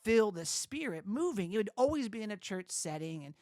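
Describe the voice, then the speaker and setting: A man telling a personal faith story as a guest in a conversation, animated and acting out the lines of people he quotes. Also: high-pitched, a little fast, no room sound, studio quality.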